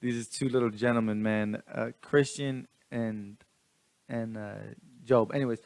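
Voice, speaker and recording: Rich: A man recounts a neighborhood story in a loose, slangy way, circling back and restarting his sentences. His pitch sits in a middle range, and the recording is dry and close, with no room sound. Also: fairly even intonation, a little slow, darkish tone, no room sound. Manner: rambling, many restarts, laughs often. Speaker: vlogger. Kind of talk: casual storytelling.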